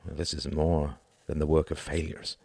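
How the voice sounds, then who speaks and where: A shaken young man speaks in a subdued, uneasy voice, as a man reading the book plays him. The voice is low and gravelly, recorded dry and close. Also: little pitch movement, normal speed, darkish tone, no room sound, heavily acted. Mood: troubled.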